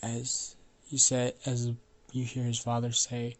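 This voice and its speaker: A man's voice: medium pitch, completely flat delivery, takes it slowly. A man with a cold telling an improvised story in a loose, rambling way, coughing now and then. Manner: rambling, loose, with fillers and swearing.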